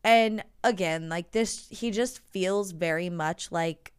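Podcast co-host, woman, chatty and animated, crisp clean voice. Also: on the low side, slow pace. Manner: chatty and animated, heavy use of "like". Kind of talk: casual chat.

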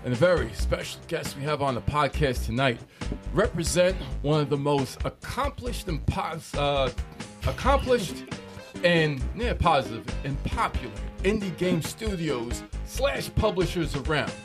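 Upbeat podcast host over music. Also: male voice, a little high, expressive, measured pace. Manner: eager, talkative, self-correcting. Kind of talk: casual podcast chat.

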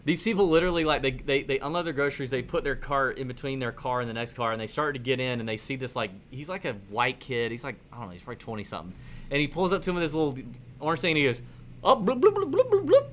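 Bright-voiced, rambling male host. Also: medium pitch, rapid-fire, slight background noise. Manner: rambling, animated storyteller, many restarts. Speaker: podcast host. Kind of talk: casual chat.

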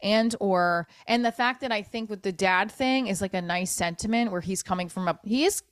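A woman's voice: mid-range voice, normal speed, clear, resonant tone, dry recording, studio quality. A woman hosting a podcast alone, talking in an upset, self-critical way, swearing and restarting her sentences. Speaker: podcast host. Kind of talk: emotional solo podcast monologue.

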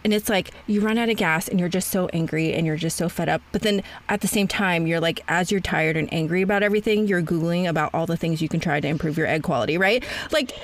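A woman hosting a podcast in casual conversation, frank and animated, laughing often and swearing lightly. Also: fairly low pitch, quick pace, few pauses. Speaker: podcast host.

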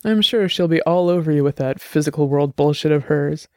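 A man voicing a sharp-tongued, jealous woman in an audiobook. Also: a little high, a little fast, dry recording, studio quality, lightly acted.

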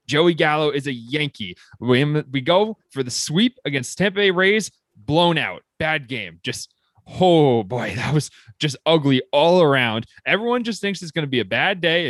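Excitable man, lively pitch. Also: no echo. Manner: animated, excitable, rapid swings in pitch. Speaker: podcast co-host. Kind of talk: casual sports chat.

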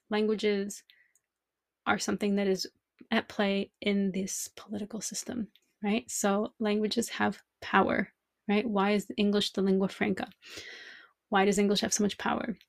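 A woman's voice: medium pitch, vocal fry, no echo. A woman language teacher hosting a podcast, thinking aloud in a reflective monologue full of rhetorical questions.

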